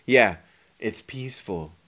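A man's voice: mid-range voice, slow, bright, forceful tone. A man co-hosting a casual movie podcast, rambling with hesitations and occasional swearing. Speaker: podcast co-host.

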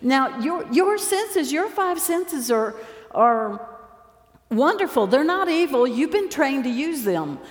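Woman preacher, animated storyteller, higher voice, recorded in a reverberant hall. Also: slow. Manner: lively storytelling, acts out scenes. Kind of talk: sermon with stage demonstration. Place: large church hall. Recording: roomy echo, long hall reverb.

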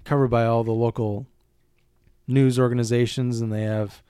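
A man from Minnesota co-hosts a casual movie podcast. He talks at a mid pitch, easygoing and explanatory. His voice is recorded dry and close on a studio mic. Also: little pitch movement, normal speed, dark tone, clean tone, no room sound. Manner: easygoing, explains local details. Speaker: podcast co-host.

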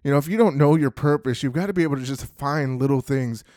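A man's voice: mid-range voice, quick pace, a little mellow, dry recording, studio quality. Casual, filler-heavy motivational man. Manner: conversational, heavy use of "you know" fillers. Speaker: sales team leader.

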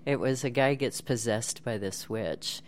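Super low voiced woman guest, chatty, telling stories, laughs easy. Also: a little slow. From United States. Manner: storytelling, laughs often. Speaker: guest voice actress. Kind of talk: casual interview chat. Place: home studio.

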